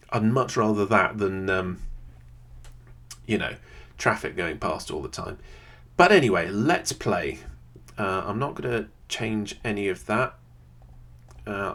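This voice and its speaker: Recording in a quiet home room where a computer sits beneath the desk, a video creator plays a geography game and talks through his thoughts. His voice is fairly low, and his chatty commentary is full of "um"s.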